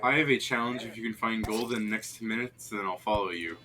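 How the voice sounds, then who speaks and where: Bright-voiced man streaming a game. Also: fairly low pitch, fast talker, soft background music. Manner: excitable, laughs often, jokey. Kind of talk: casual gameplay chat.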